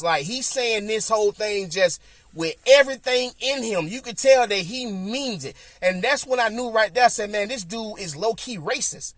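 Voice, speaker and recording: A man with a Southern US accent tells a story on his podcast in a high, animated voice. He repeats himself and acts out what people said. The sound is close and completely dry. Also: no room sound. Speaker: podcast host. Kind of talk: casual storytelling.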